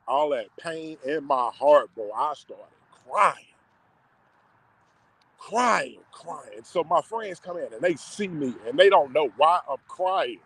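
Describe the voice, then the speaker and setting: A man's voice: a little high, rough recording. Slangy, emotional man telling a story. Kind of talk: personal storytelling to camera.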